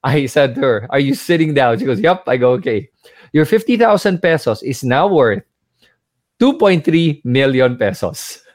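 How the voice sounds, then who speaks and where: In a casual chat, a guest who invests in crypto spins a story with confidence and emphasis, performing the dialogue as he goes. His medium-pitched, darkish voice is very animated at a moderate pace, captured in clean studio sound without echo.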